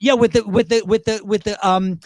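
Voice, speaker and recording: British drag performer guest, high voice, dry close sound, animated storyteller. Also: male voice, no echo. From Great Britain. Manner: animated, quick impressions, laughs while talking. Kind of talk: casual interview storytelling.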